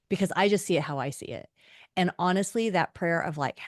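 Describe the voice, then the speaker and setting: Animated woman author telling stories. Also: lowish voice, fairly quick, dry recording, clean studio sound. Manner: animated storyteller, acts out quoted voices. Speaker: author and podcast guest. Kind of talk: conversational interview.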